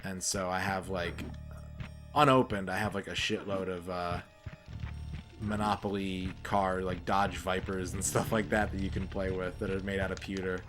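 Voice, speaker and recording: A man's voice: sits low, fairly even intonation, normal speed. A young man chatting casually while he streams a game, rambling and sarcastic. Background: game music.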